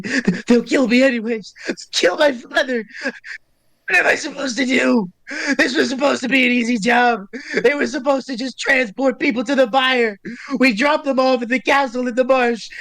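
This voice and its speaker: A man voicing a terrified male gnome captive who pleads in a high, frantic voice through tears. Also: vocal fry, pushed and bright, no echo, heavily acted, poor audio.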